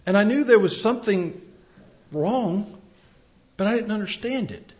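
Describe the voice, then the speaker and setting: Male preacher, middle-aged, slow and deliberate delivery, loud emphatic peaks and quiet lows. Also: expressive. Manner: swings from loud emphatic cries to soft quiet words. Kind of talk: sermon. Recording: dull lo-fi sermon recording.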